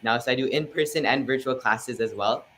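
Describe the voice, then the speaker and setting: A man's voice: medium pitch, fairly quick, bright, forceful tone, a little hiss or hum. A teenage boy, a guest musician, answering interview questions politely and eagerly. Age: teens.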